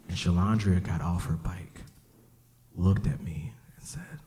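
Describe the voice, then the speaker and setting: A man telling stories in a stand-up comedy set at a club, acting out voices and breaking into shouts. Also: low voice, slow pace, long pauses. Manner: animated storytelling, acts out voices, bursts into shouts. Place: comedy club stage, live audience.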